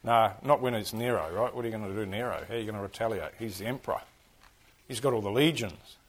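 A man with a New Zealand accent teaching a class, lively and full of questions to his listeners. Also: fairly low pitch, fast. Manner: animated, keeps firing questions at the class. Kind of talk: interactive history class on church history.

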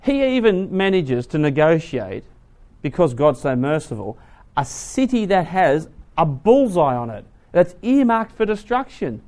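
A man preaching a sermon, retelling a story dramatically, swinging from hushed to loud. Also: fairly high pitch, big pitch swings, measured pace.

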